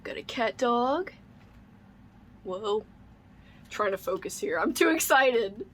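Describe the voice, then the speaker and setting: A young woman vlogger chats through an unboxing, her voice sitting a little high. She gushes constantly, piling on "like" and "oh my god" as her delight spills over. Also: lively intonation, slow, fairly bright tone, breathy edge. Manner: gushing, squealing with delight, says "like" and "oh my god" often. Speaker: book vlogger. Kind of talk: excited unboxing chat.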